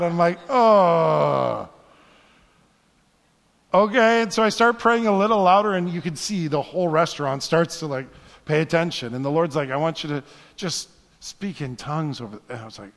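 In what sounds like a large sanctuary with long reverb, a married adult pastor shares a personal story within his sermon. His high, ringing voice moves at a moderate pace, slipping into quiet asides before rising to fervent exhortation.

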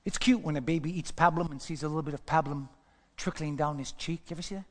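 High-voiced older man preaching in a hall. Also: fast. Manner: repetitive, building to shouted peaks. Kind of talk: sermon. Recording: long hall reverb.

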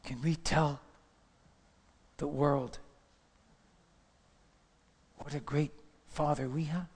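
A male pastor preaching with fervor, his voice pitched a little high and ringing out in a church with a long, lingering reverb. He rises to loud calls, then drops to near-whispers. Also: steady tone, drawn-out words, slightly rough. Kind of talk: sermon.

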